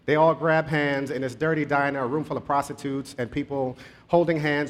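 A man's voice: on the high side, fairly even intonation, a little fast. Conversational male preacher telling a story. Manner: conversational, with shifting pace. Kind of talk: sermon storytelling.

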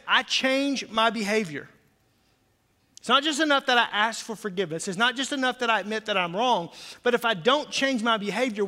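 A male pastor delivers an impassioned sermon in a high, bright, forceful voice. He climbs to loud emphatic peaks and then drops into hushed intensity. The sound carries a long reverb from a church sanctuary.

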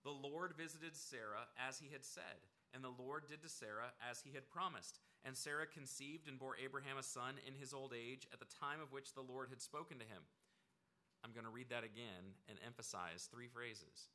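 A man preaching a sermon in a bright, sharp voice. He talks to the congregation conversationally and leans into points with emphatic repetition. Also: medium pitch, moderate pace. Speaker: pastor.

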